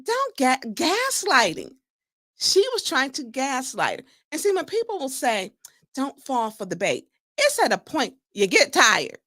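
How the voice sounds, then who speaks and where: Woman host riffing on a clip, animated and fired up, dry close sound. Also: high-pitched, normal speed, dry recording. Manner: animated, laughing, indignant. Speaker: show host. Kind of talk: commentary on a political clip.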